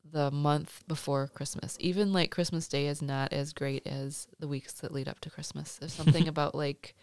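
A woman's voice: sits low, steady tone, normal speed, darkish tone, no echo. A middle-aged woman with a stuffy nose, chatting casually at home as her son interviews her, rambling with many restarts. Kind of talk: casual chat. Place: home basement.

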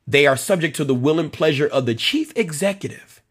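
Husky man hosting a live stream. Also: a little high, animated, brisk. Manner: conversational, repeats phrases for emphasis, addresses commenters by name. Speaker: host of a policing talk show. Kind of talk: live-stream commentary reading viewer comments.

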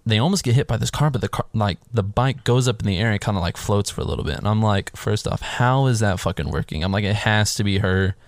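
A man's voice: lowish voice, fast talker, few pauses, no echo, clean studio sound. A man casually retelling a film's plot as a podcast co-host, swearing freely and acting out his own reactions. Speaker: podcast co-host recapping a film. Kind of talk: casual chat.

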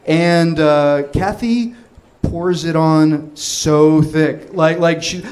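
A man in his thirties tells a comic story from his own life in a slightly higher voice. He rambles and trips over his words with constant fillers and restarts, and he gets more animated as the story builds. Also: slow, a little hiss or hum.

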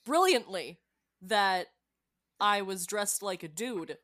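A woman's voice: medium pitch, lively intonation, takes it slowly, fairly bright tone. A woman playing a tabletop role-playing game, flustered and self-mocking about her character voice. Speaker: player.

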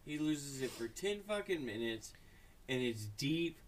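A man's voice: mid-range voice, sing-song, a little slow, distant mic, a little hiss or hum. A man in casual chat, blunt and jokey and swearing freely. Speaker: podcast co-host.

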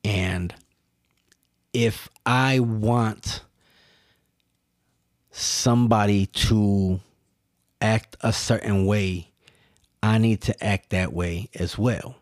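A man talks through his week on his own podcast, earnest and emphatic, often restarting a phrase before landing it. His voice sits low and unhurried. The sound is dry and close, with no room around it. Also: fairly even intonation, no echo. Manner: earnest, emphatic, repeats words and restarts, addresses listeners directly. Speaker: podcast host. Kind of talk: solo reflective monologue.

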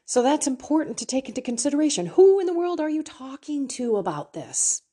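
A woman's voice: sits high, big pitch swings, a little fast, warm tone. A middle-aged woman hosting a faith podcast, teaching her listeners in a candid, emotional way and laughing often.

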